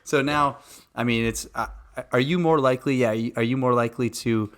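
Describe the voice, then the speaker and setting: A man's voice: mid-range voice, steady tone, brisk, a bit bright. A young man with a mid-range voice co-hosts a casual podcast. He asks curious follow-up questions and chuckles often as he listens. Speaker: podcast co-host.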